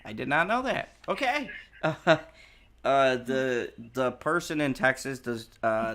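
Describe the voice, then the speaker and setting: A man hosting a casual livestream, reading the news in a slow, unhurried way and often breaking into laughter. His voice has a bright, forward edge, and he stumbles over words as he reads. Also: mid-range voice, lively intonation. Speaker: livestream host. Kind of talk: casual chat reading headlines.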